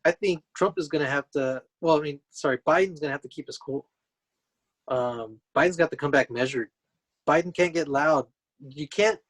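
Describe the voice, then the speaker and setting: A man from the United States, talking in a measured, agreeable way as a podcast co-host. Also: on the high side. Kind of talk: casual chat.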